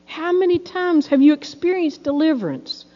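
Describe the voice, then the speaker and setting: A middle-aged woman preaching a sermon, telling folksy personal stories in a lively, storytelling way. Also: high-pitched, moderate pace. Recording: dull sound in a reverberant hall.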